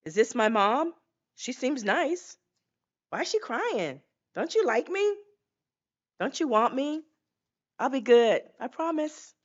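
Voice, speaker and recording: A woman's voice: very animated, slow, pauses often, highs cut off, heavily acted. An older woman voicing a frightened unborn baby girl who pleads with her mother in a small, childlike way. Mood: pleading. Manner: pleading, childlike, rising high.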